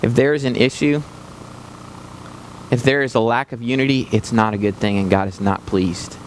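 There's a bit of hiss or hum as a man preaches as a visiting missionary, his mid-range voice steady in tone and moderate in pace. He talks straight to the congregation, passionate and building to emphatic climaxes.

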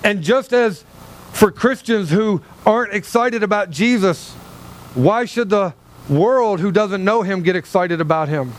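Male pastor, high voice, lively humorous preaching on a church stage. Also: unhurried, slight background noise. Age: older than 37. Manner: animated, humorous, talks straight to the congregation. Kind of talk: sermon. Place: church sanctuary, on a low stage.

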